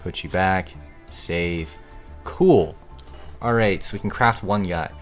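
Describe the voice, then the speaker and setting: Young man, streamer, live gaming chatter, excitable, grumbling, swears casually, low-pitched voice, faint background music. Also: slow pace. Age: young adult.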